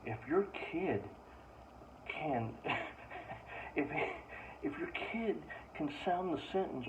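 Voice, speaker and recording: A man's voice: a little high, lively intonation, normal speed. A man telling comic stories as a stand-up comedian, ranting with exasperation in a casual way. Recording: distant mic, dull lo-fi sound, faint ambient noise.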